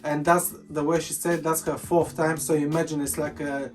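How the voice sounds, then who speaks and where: A man's voice: fairly high pitch, little pitch movement, normal speed. A man chatting casually as a vlogger about being a partner, joking and repeating his words. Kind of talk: casual chat. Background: soft guitar music.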